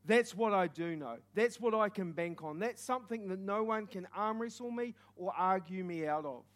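High-voiced New Zealand preacher man. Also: moderate pace. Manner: animated, joking, shouts in bursts. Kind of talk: sermon with stories.

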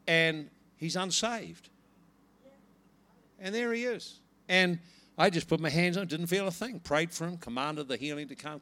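Animated man preaching with stories. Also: sits high. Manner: animated storytelling, rises to laughing excitement. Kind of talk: sermon with personal story.

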